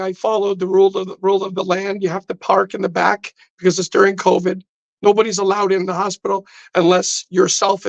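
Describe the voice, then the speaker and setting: In a casual podcast studio conversation, the guest launches into an intense personal story and acts out each line of dialogue. His high, gravelly voice comes through on a muffled recording with no echo.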